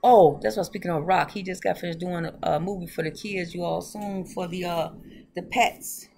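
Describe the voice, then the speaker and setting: Gravelly-voiced woman rambling to viewers. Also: on the low side, fairly even intonation, moderate pace, darkish tone. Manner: rambling, chatty, talks straight to viewers; laughs often. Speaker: tarot reader. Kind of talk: casual tarot reading vlog.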